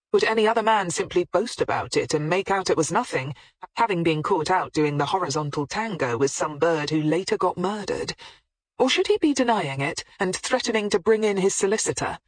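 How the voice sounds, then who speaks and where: An audiobook narrator reading a crime novel in measured, even storytelling. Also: mid-range voice, no echo.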